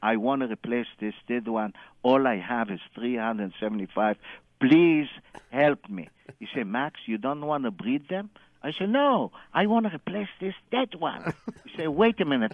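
A man's voice: medium pitch, no room sound, narrow, tinny audio. A man calling in and telling a long anecdote, acting out every quoted line with loose, non-standard grammar. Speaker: caller. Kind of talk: animated anecdote storytelling.

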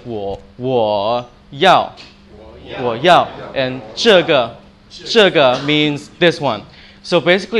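A man's voice: on the high side, a bit bright. A man teaching a short informal language lesson, demonstrating sounds by example. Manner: friendly, demonstrates tones by example.

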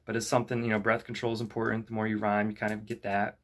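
A young man who teaches rap at a youth club, explaining lyric writing in a relaxed, conversational way full of "you know" and "kinda". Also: fairly low pitch, quick pace. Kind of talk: casual instructional talk to camera.

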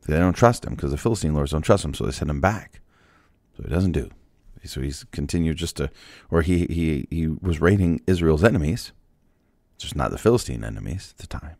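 A man's voice: extremely low pitch, animated, brisk, gravelly, darkish tone, no room sound, clean studio sound. A man hosting a daily Bible podcast, talking conversationally with rhetorical questions and ending in prayer. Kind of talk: devotional talk and prayer.

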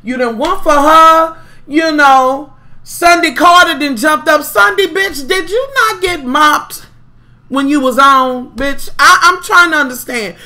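High, bright-voiced sassy woman ranting. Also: unhurried. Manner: profane, sassy, heavy swearing; dramatic, mocking. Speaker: vlogger recapping a reality show. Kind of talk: casual gossip rant.

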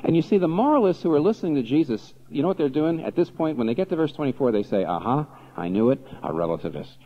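A man preaching a sermon as pastor, animated and full of rhetorical questions. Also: fairly high pitch, rapid-fire, muffled recording, a little hiss or hum.

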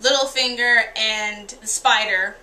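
A woman's voice: a little high, steady tone, slow pace, sharp tone. A woman giving a casual, candid and profane spoken review of TV episodes, often acting out the characters' lines. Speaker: TV show reviewer.

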